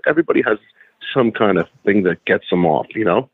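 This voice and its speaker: A man's voice: lowish voice, lively intonation, a little fast, dry recording. A man, a guest and former pro wrestler, telling rambling, profane stories in casual chat with lots of restarts. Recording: tinny phone-like line, dry.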